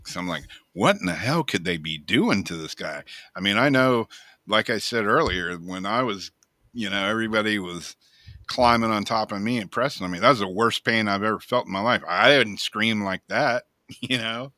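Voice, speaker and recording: A man's voice: on the low side, normal speed, no echo. A man co-hosting a casual talk show, telling a story in a loose, profane way and laughing often. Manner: profane, laughing, animated retelling. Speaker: co-host.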